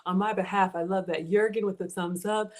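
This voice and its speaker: Lady, middle-aged, chatty and excitable on her cooking stream, reading out viewer comments. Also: mid-range voice, a little fast. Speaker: cooking livestream host. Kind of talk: casual livestream chat.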